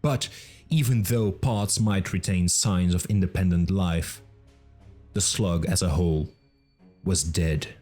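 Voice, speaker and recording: A man narrating a fantasy audiobook in a measured, dramatic reading. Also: low-pitched, darkish tone, soft background music. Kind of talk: scripted narration.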